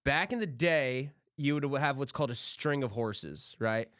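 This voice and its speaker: This young podcast co-host has a medium-pitched, fairly bright voice with lively intonation and a normal pace. He tells stories in a relaxed, casual way and swears freely. The recording is dry and studio quality.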